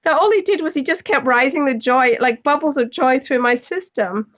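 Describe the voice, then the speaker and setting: A woman with a high voice tells her story in a giggly, emotional way. The sound is dull and lo-fi, like a remote call. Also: expressive, normal speed, fairly bright tone. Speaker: guest. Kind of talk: casual spiritual chat.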